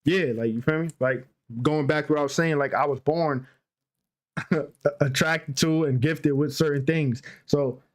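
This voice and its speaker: A man's voice: fairly high pitch, fairly even intonation, unhurried. A young man on a podcast telling a story in a loose, slangy way, repeating filler phrases as he goes. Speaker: podcast co-host. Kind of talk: casual storytelling.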